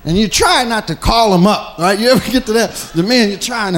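A man's voice: high voice, a little fast, hardly any pauses, fairly bright tone, a little hiss or hum. A man doing a stand-up comedy routine, telling stories in a loose, profane way and slipping into voices of himself. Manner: slips into mimicked voices of himself.

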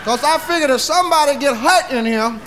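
A man's voice: very high voice, fairly quick. A man doing stand-up storytelling in a bawdy, drawling way, tagging lines with "see?". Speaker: comedian. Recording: live comedy record with audience laughter and noise.

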